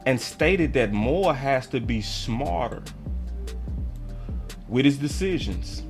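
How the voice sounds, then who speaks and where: A man hosts a fan sports livestream, talking loose and slangy with a lively, swinging pitch. He gets heated and rants often, over faint music behind him. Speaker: sports channel host. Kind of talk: casual fan commentary livestream.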